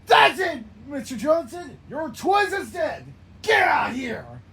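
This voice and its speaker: A man voicing a furious character in a game who shouts in outrage. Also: very high-pitched, sing-song, takes it slowly, creaky, voice pushed up, exaggerated voice. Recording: noisy background.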